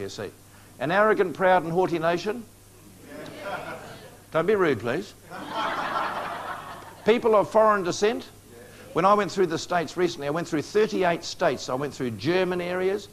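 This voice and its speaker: A man preaching a prophecy lecture to a live audience, coaxing responses with questions and joking asides. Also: a little high.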